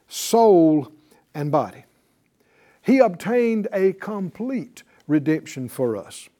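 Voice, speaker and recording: A middle-aged male Bible teacher preaches to his class at a slow, deliberate pace, his voice sitting high and swinging widely in pitch. He stresses his points with rhetorical questions and repeats phrases for weight. His tone stays mellow and dark.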